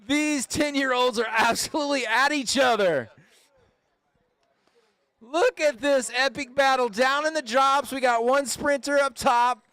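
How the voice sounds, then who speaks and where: Hyped up guy announcing a kids bike race, high pitched, clear voice, playful. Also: unhurried, no room sound. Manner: excited, playful, hypes riders on. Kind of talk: live race commentary. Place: outdoor street race.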